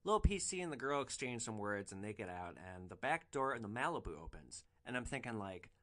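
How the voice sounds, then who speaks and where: A man narrating his own podcast story with wry, animated delivery. His pitch swings widely from line to line, with a middling voice underneath. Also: brisk. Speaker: podcast host, rideshare driver. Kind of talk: storytelling monologue.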